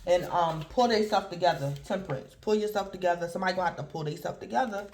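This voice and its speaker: A woman's voice: lowish voice, fast, darkish tone, slight background noise. Chatty woman doing a tarot reading. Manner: repetitive, conversational, keeps addressing the collective. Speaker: tarot reader.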